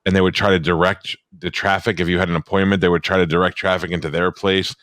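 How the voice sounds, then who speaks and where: Man, podcast host, very deep, stammering restarts, blunt questions, dry sound. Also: little pitch movement, fast talker, fairly bright tone, no echo. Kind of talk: casual podcast chat.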